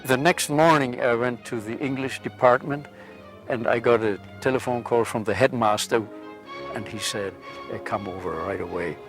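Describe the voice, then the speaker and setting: Czech guy in his 70s, english w/ accent, earnest testimony, middling pitch. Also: steady tone, normal speed, soft background music. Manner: earnest, retells with quoted dialogue. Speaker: interviewee. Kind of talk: personal testimony.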